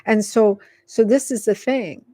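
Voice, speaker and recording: A woman giving a live tarot reading, talking in a rambling, filler-heavy way and gently coaxing the listener to calm down. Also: a little high, measured pace, no echo. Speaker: tarot reader.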